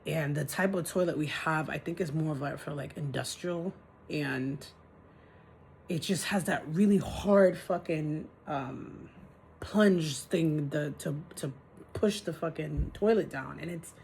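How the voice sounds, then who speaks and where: A woman's voice: low-pitched, measured pace, vocal fry, a little mellow, a little hiss or hum. A woman venting in a casual vlog from her apartment, frustrated and ranting, swearing as she talks. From New York City. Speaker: vlogger. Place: apartment, indoors.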